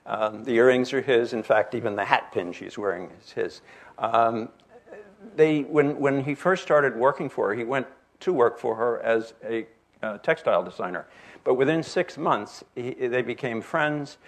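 A man's voice: medium pitch, moderate pace. A man in his sixties from New Jersey, giving a rambling, anecdote-filled slide lecture with many fillers and restarts. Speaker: jewelry expert giving a lecture.

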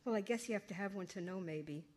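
A woman's voice: mid-range voice, fast talker, darkish tone, natural voice. A woman voicing a sly, teasing teen girl. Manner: mocking, conspiratorial.

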